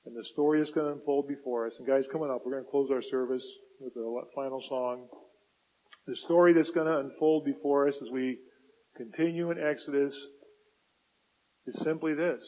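A man's voice: fairly high pitch, normal speed, pauses often, lo-fi sound. A man preaching a sermon at a church service, earnest, repeating key phrases for emphasis and often stumbling and restarting. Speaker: pastor.

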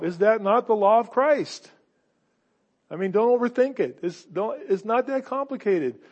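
A man's voice: high-pitched, lively intonation, normal speed, muffled recording. A man preaching a sermon as pastor, earnest, often stumbling over repeated words, then rising into emphatic exhortation.

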